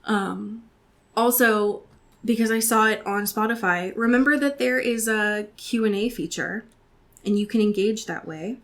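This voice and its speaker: A woman's voice: medium pitch, unhurried, fairly bright tone. A woman from the Pacific Northwest co-hosting a podcast, reading fan fiction aloud with dry comic timing and laughing often. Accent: Pacific Northwest American. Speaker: podcast co-host.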